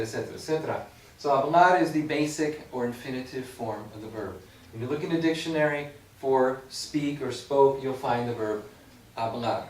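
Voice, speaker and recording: A man teaching a recorded Spanish grammar lesson, explaining patiently with playful asides. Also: mid-range voice. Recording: echoey room, far from mic, faint background hum.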